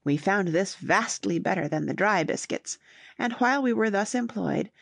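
A woman narrates a classic novel as an audiobook, reading at a steady, even pace. Her voice has a gravelly edge. The sound is close and dry. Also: medium pitch, moderate pace, no echo.

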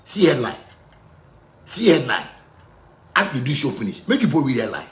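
A man with a Ghanaian accent on a heated, repetitive monologue in pidgin, breaking into bursts of shouting. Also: medium pitch, sing-song, moderate pace, roomy sound.

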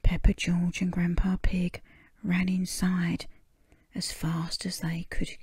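Woman reading a kids book in whispered role-play, super breathy, slow, dry close sound. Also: lowish voice, completely flat delivery, darkish tone, dry recording. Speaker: storybook reader.

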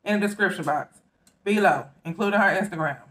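A woman's voice: medium pitch, fairly quick. A woman from the Southern US with a Southern accent, hosting an eating show and chatting casually between bites. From Southern United States. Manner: relaxed and chatty, talks between bites, says "y'all" often. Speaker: mukbang host.

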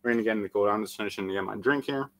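Racing along in a lowish voice, this man runs a live-streamed workout while winded from the exercise. He shouts countdowns, cheers people on, and chats using lots of filler words, all captured on a rough recording.

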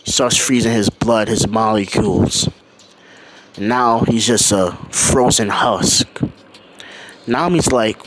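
A man casually telling a fan-fiction story in a loose, animated, rambling way. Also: fairly low pitch, takes it slowly, pauses often, background noise. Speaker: channel host.

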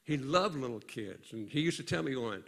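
An older man, a pastor, preaching a sermon in a conversational storytelling way, often pausing and restarting his sentences. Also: mid-range voice, animated, creaky, a bit bright.

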